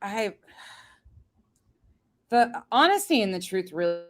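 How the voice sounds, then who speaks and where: A woman's voice: medium pitch, very animated, slow. A woman hosting a casual livestream chat, blunt and profane, laughing often as she talks to her chat. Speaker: livestream host.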